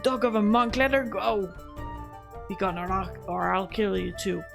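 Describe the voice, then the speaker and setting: A woman voicing a bold, gallant male outlaw hero in a loud, old-fashioned heroic style. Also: lowish voice, completely flat delivery, moderate pace, gravelly, over music.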